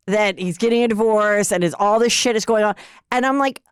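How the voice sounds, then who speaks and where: A middle-aged woman hosting a podcast, chatting freely and acting out quoted dialogue. Her pitch sits in the middle for a woman, and the sound is close and dry. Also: a little fast, clear, resonant tone, dry recording. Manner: chatty, animated storyteller quoting dialogue. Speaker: podcast host. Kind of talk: casual podcast chat.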